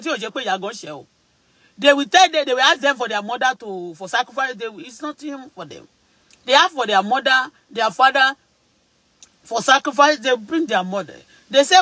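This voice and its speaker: A man's voice: very high voice, sharp tone, no room sound, low-quality recording. A man with a Nigerian Yoruba accent, giving an emphatic, repetitive vlog monologue that mixes English and Yoruba. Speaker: vlogger. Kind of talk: preachy casual monologue.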